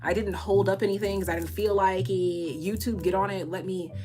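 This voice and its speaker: A woman's voice: medium pitch, fairly even intonation, a little fast, over music. A woman doing a casual live tarot reading, chatty and rambling, swearing freely and laughing at her own jokes. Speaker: tarot reader.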